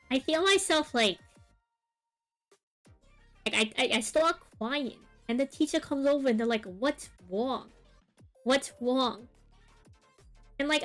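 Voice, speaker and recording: Young woman, high voice, rambling casual storytelling, lots of fillers, faint music behind. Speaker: art streamer. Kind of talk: casual chat while drawing on stream.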